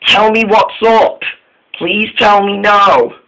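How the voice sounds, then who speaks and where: Storybook engine, male, anxious and pleading, high voice, slow and halting, put on by a male reader. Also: steady tone, bright, forceful tone, heavily acted, low-quality recording. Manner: pleading, repeats himself. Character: worried male diesel engine, eager to talk.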